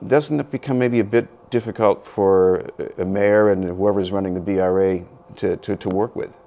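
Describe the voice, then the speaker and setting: A man hosting a news interview, asking questions in a halting way with restarts. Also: lowish voice, fairly even intonation, dark tone.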